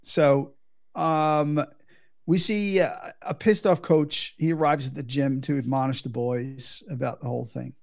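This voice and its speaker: A man co-hosting a show, recapping a film plot in a halting way with many fillers. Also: medium pitch, steady tone, gravelly. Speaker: podcast co-host.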